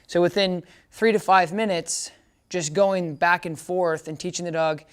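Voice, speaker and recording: A man teaching dog training in a relaxed demonstration. He explains each step casually and often checks in with the listener. His short commands to the dog come out bright and encouraging. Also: high voice, normal speed, clear, resonant tone. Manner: chatty, keeps checking understanding. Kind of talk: casual hands-on training demo.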